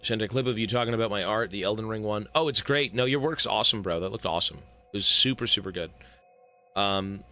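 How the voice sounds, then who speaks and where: A man's voice: on the low side, fairly quick, bright, forceful tone. A young man streaming a game, chatting casually with viewers in a rambling, profane way. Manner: rambling, profane, talks to chat. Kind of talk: casual live-stream chat.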